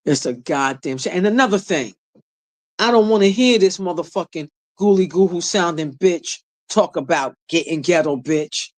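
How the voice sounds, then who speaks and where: A man in a heated, profane rant, hurling insults loudly. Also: high-pitched, animated, moderate pace, dry recording. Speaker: online commentator. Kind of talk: profane ranting commentary.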